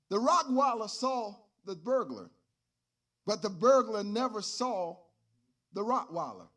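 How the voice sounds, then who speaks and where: High pitched preacher man, slow drawn out delivery, gets loud and shouty. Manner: animated, rising to shouts. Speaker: pastor. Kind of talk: sermon with storytelling.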